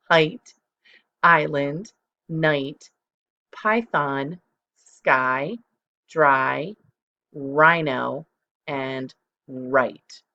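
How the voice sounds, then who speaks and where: A middle-aged second grade teacher gives a recorded phonics lesson, speaking slowly and clearly as she spells words out letter by letter. The sound sits low, with the highs cut off.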